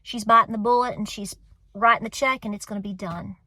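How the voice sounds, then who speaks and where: A Southern US woman in her 40s talks heartfelt to her homestead vlog audience, emotional and near tears, encouraging them and repeating phrases for emphasis. The dry recording catches a medium-pitched voice with a steady tone, quick pace and pushed, bright sound.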